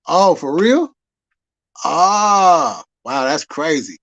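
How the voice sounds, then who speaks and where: A man's voice: high voice, animated, moderate pace, long pauses, a bit bright, slight background noise. A man hosting a livestream, chatting with viewers in a loose, rambling way full of cursing. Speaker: livestream host. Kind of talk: casual livestream chat.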